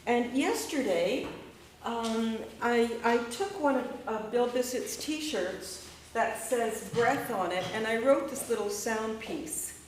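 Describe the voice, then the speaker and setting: A woman poet giving a measured, deliberate poetry reading and spoken-word performance in a gallery. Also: fairly high pitch, slight background noise. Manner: measured, deliberate, rhythmic delivery. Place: echoey gallery hall. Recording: echoey room, mic far away.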